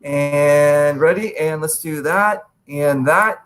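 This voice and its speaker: A man's voice: a little high, takes it slowly, fairly bright tone. A man hosting a casual video-call chat, fumbling and repeating himself as he searches online.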